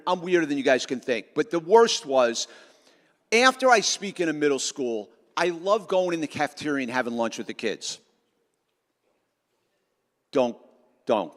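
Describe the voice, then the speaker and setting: A middle-aged man giving an energetic, self-mocking motivational talk to students at a school assembly. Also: fairly high pitch. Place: large school auditorium. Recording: long auditorium reverb.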